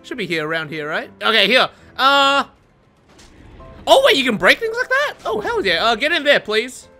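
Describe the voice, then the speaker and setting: Young woman streamer, animated bright voice, quick to swear and laugh, light music under her. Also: on the high side. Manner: excitable, swearing, laughing often. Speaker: gaming streamer. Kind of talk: casual gameplay commentary.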